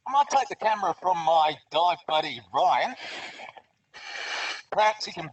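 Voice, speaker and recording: Submerged in a large aquarium tank, an Australian-accented man hosts a live educational webinar, chatting cheerfully through a full face mask mic. His high, husky voice has lively intonation and a moderate pace. The mask mic makes the audio distant and muffled.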